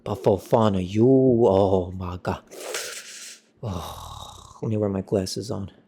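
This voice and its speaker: A young man giving a casual football match reaction, excitable and ranting, with sudden jumps in pitch. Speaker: football fan vlogger.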